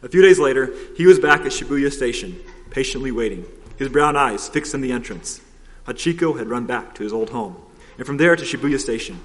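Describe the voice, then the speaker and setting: Male storybook narrator, steady, expressive, long hall reverb. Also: mid-range voice, fairly quick. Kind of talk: storybook reading aloud.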